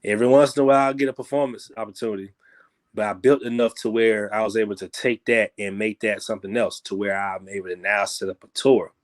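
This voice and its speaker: A man talking as a guest musician in a casual interview, rambling loosely and peppering his talk with "you know what I'm saying", growing animated when he makes a point. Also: fast. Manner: grows animated and higher when making a point.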